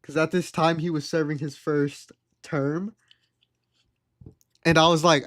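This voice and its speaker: A man's voice: a little high, a little slow, no room sound, studio quality. Young man streamer telling a story. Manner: animated, mimics the people he quotes. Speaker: livestreamer. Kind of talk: casual storytelling.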